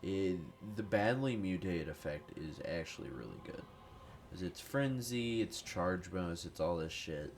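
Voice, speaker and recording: Low-voiced sick man rambling over gameplay. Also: expressive, measured pace. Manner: rambling, profane, self-deprecating. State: sick with a cold. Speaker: gaming youtuber. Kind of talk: casual gameplay commentary.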